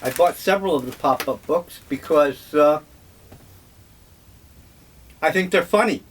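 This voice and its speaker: An older man reminiscing in a slow, rambling, wryly humorous monologue. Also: fairly high pitch, slight background noise. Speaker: vlogger.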